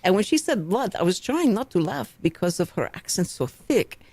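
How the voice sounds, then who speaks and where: Texan woman host, lively storyteller, studio mic, dry sound. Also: medium pitch, normal speed, no echo. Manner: chatty, animated storytelling with laughs. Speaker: radio talk show host. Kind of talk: casual radio chat. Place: radio studio. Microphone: studio microphone.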